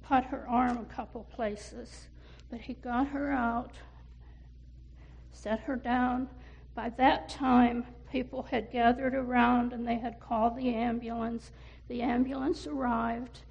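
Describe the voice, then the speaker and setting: A woman telling a cautionary story to children, pausing to ask her listeners questions. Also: on the high side, vocal fry, darkish tone.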